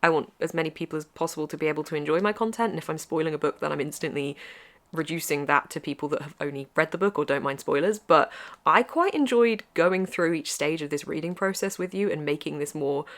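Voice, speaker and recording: A woman's voice: low voice, fast talker. A young woman chatting enthusiastically in a casual book review vlog, gushing and laughing often. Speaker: book vlogger.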